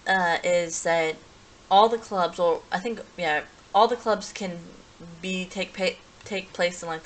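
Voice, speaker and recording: A woman with a lowish voice recaps a story in a loose, casual way. She talks in a rambling stream, restarting sentences and filling gaps with fillers as she goes. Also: fairly bright tone, slight background noise, poor audio. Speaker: reviewer.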